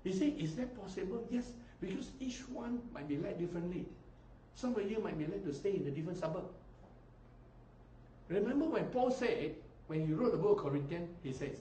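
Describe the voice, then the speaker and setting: A man preaching a sermon as pastor, animated, often mimicking people and swinging between loud and soft delivery. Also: high voice, brisk, slight background noise. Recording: echoey hall, distant mic.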